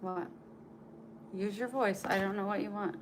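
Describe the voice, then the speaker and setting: A vlogger chats casually on a live stream from home, speaking to viewers at a normal speed and fairly even intonation in a medium-pitched voice. She also coos to her dog in baby talk, and there's slight background noise.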